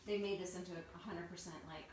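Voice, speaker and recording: A woman's voice: on the low side, fairly even intonation, fairly quick, darkish tone, slight background noise. Chatty woman in an echoey room. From New Jersey, raised in Missouri. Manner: chatty, storytelling, informal. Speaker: singer-songwriter hosting a live stream. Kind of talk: casual live-stream chat. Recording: roomy sound, mic at a distance, music behind.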